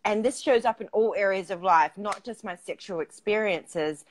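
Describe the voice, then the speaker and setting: A woman's voice: medium pitch, moderate pace. Woman, tantra coach, casual storytelling, chatty, filler-heavy, laughs often.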